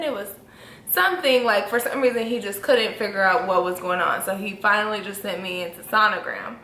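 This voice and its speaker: Bright animated young woman storyteller. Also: normal speed, a little hiss or hum. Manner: animated, acts out quotes with big pitch jumps. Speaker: vlogger. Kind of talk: casual storytelling. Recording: echoey room with faint ambience.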